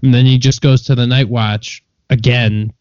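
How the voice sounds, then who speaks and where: A man's voice: medium pitch, level tone, normal speed, a little mellow, dry recording, highs cut off. A man co-hosting a podcast, ranting bluntly and with lots of swearing in casual chat. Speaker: podcast co-host.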